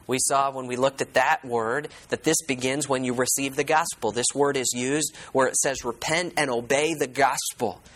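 A male pastor teaching from the pulpit in a voice of middling pitch. He reads each verse aloud and then unpacks it, repeating his key words. He turns to the congregation with questions and echoes their answers back to them. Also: steady tone, normal speed, hardly any pauses, fairly bright tone. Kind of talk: sermon.

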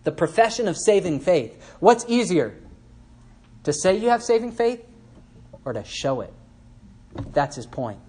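A man's voice: high-pitched, big pitch swings, a little slow, pauses often, a little mellow, slightly rough. Conversational male preacher teaching scripture. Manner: conversational, asks the listeners questions and adds asides; acts out quoted speakers in changed voices. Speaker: preacher teaching a Bible passage. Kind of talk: sermon.

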